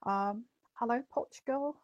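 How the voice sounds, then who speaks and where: A woman's voice: fairly high pitch, measured pace, no echo, dull audio. A woman hosting a psychic livestream, chatting casually and greeting viewers by name with plenty of ums and uhs.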